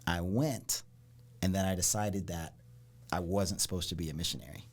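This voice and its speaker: A man from Ohio, a podcast guest, telling stories in a casual, animated way and often saying "like" and "dude". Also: deep voice, normal speed. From Ohio, United States. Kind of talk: casual storytelling.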